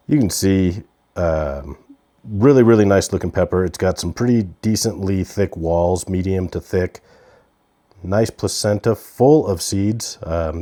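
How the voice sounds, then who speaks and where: A man chatting casually as he reviews a pepper from his garden, relaxed and talkative with fillers. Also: deep voice. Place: outdoors in a garden on a hot day.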